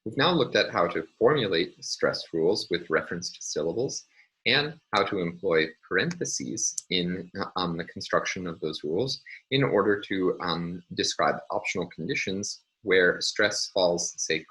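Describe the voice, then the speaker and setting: A man's voice: deep voice, lively intonation, unhurried, a bit bright, poor audio. A man giving a recorded university phonology lecture, explaining step by step with frequent ums and uhs.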